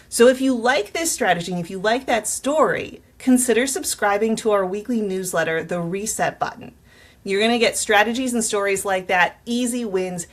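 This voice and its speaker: A woman's voice: mid-range voice, a bit bright. A middle school teacher, a woman, talking in an upbeat, encouraging way straight to fellow teachers in an advice vlog.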